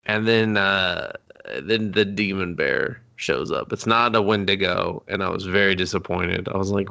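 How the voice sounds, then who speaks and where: Man, low gravelly voice, foul-mouthed movie podcast co-host. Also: bright, forceful tone. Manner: profane, acts out characters in quick mocking voices. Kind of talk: casual movie review chat.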